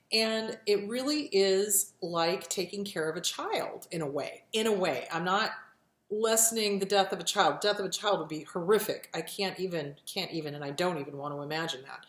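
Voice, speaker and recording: Frank woman therapist, echoey room. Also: medium pitch. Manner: frank, blunt and swearing, emphatic. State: close to tears. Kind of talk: casual advice vlog to camera.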